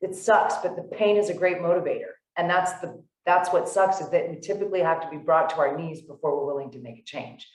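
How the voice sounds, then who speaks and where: A low-pitched woman talks through a casual podcast chat, animated and loose, full of "like"s and restarts. She sits well back from the mic, and the room rings around her. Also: a little fast, hardly any pauses, reverberant, far from the mic, low-quality recording. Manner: animated storyteller, many "like"s and restarts. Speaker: podcast co-host. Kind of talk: casual conversation.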